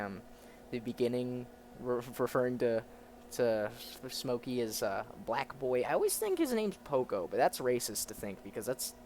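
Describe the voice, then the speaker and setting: A young man chatting casually as a manga reader, rambling and trailing off softly. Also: mid-range voice, a little hiss or hum. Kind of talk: casual chat.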